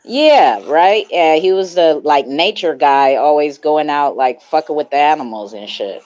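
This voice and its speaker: A woman's voice: low-pitched, lively intonation, unhurried, darkish tone, highs cut off. A woman hosting a casual online group chat, speaking into her phone in a laid-back, slangy way with plenty of fillers and frequent laughter. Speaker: host of a social audio chat room.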